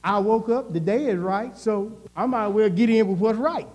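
A man's voice: high-pitched, normal speed, darkish tone. A male pastor a sermon, with call and response and swings in intensity. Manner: preaching with call and response, rising and falling intensity. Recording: reverberant church hall.

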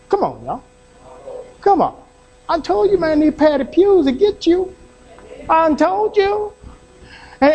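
A man's voice: very high-pitched, a little mellow. A man pastor preaching a sermon in a fervent, folksy way, repeating himself and calling out to his congregation. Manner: folksy, plainspoken talk with repetition.

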